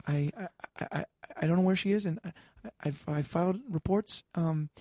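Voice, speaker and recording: A man's voice: on the high side, warm tone, dry recording, studio quality, pitched above the performer's own voice, natural voice. A man playing a stammering nervous caller. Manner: stuttering, halting, many repeats. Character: stammering nervous male caller, distraught husband. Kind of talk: improvised comedy role-play.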